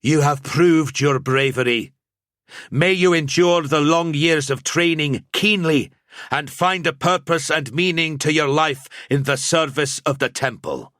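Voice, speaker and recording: A man's voice: fairly high pitch, measured pace, a bit bright, no room sound, clean studio sound, pitched above the performer's own voice. A male narrator voicing a veteran knight commander who speaks soberly and ceremonially. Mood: solemn.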